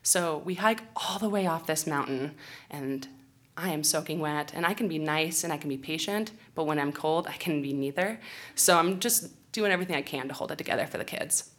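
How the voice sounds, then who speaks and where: Animated young woman telling a story. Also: sits low, fairly quick. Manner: animated, self-mocking, laughing often. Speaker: outdoor educator. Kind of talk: storytelling talk on stage. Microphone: handheld or stage microphone.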